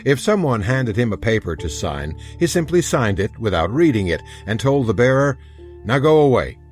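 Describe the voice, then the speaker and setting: A man narrating a historical audiobook in an expressive storytelling manner. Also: mid-range voice, moderate pace, faint music behind. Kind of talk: scripted narration.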